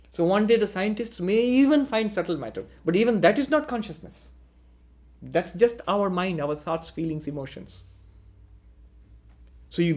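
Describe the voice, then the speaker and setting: A man teaching a philosophical lecture in a measured way, posing rhetorical questions to his listeners. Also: sits high, darkish tone. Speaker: spiritual teacher.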